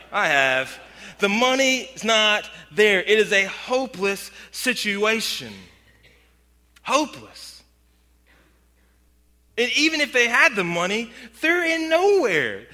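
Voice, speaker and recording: A man preaches a sermon in an earnest voice that sits high and rings very bright. He slows and drops to near-quiet for emphasis. The sound carries a long reverb from a large hall. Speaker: pastor.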